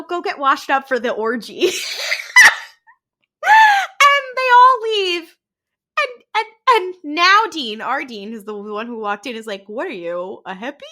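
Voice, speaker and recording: A woman co-hosting a podcast, recapping an episode in casual chat and acting out the characters' dialogue. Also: high-pitched. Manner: animated retelling with quoted dialogue and frequent laughs. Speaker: podcast co-host.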